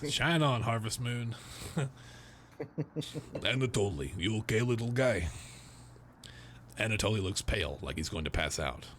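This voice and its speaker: A man co-hosting a casual let's-play, joking around and reading game text aloud in a deep mock voice. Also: expressive, unhurried, long pauses, a bit bright, slight background noise. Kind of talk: casual gaming chat.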